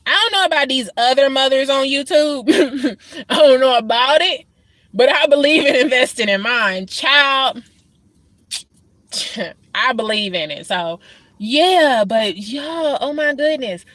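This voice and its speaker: A woman with a high voice hosts a reaction video into a close, dry mic. She is brash and profane. She mocks people loudly, then sighs about being a worn-out football mom. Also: measured pace, no echo. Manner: brash, profane, swings between loud mockery and tired sighs. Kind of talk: casual reaction commentary.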